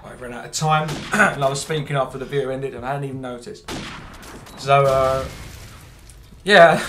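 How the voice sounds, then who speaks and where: A young English gamer with a mid-range voice talks at a moderate pace while commentating his own gameplay. He keeps it casual and chatty, rambling on and making jokes at his own expense.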